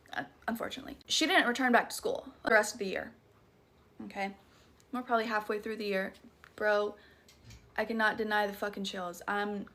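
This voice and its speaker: A woman's voice: fairly high pitch, bright, forceful tone. A young woman with a Southern US accent tells a horror story in a casual, dramatic and profane way. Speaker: storytime creator.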